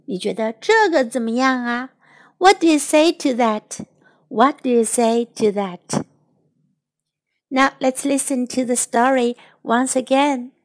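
A woman teacher talks gently to children, repeating each short phrase clearly. Her voice sits high and she keeps an unhurried, slow pace. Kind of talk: bilingual kids' lesson.

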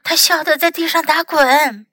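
A showy young girl fox from a storybook who grumbles and boasts, with a high, bright voice, as a woman puts her on. The sound is dry and close. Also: fairly even intonation, normal speed, no echo. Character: young female fox friend, showing off.

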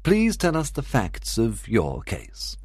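A man playing a brilliant, confident and impatient detective in an audiobook drama, reasoning aloud in a crisp manner. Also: mid-range voice, wildly swooping pitch, slow, darkish tone, no echo, studio quality, full character voice.

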